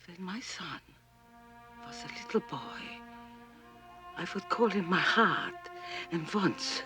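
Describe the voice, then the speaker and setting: An actress playing a frail, dying elderly mother, speaking softly and breathily, often in a whisper. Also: lowish voice, very animated, slow. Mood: tender. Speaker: dying mother reunited with son. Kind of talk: 1980s TV drama acting. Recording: TV soundtrack with music.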